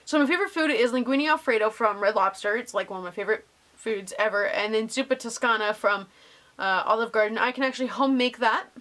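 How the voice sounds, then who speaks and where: A woman's voice: fairly high pitch, quick pace, a bit bright. A young woman casually answering viewer questions in a vlog, bubbly and gushing with lots of ums.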